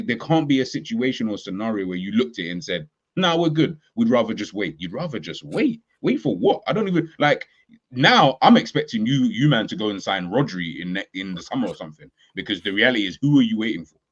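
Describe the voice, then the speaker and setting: A man's voice: lowish voice, slightly rough, lo-fi sound. A man ranting animatedly in a casual football chat, full of slang. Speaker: podcast guest.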